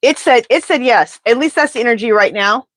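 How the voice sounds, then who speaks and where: A woman doing a live pendulum reading, talking in an animated, indignant, chatty way. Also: fairly high pitch, brisk, no echo. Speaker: tarot reader.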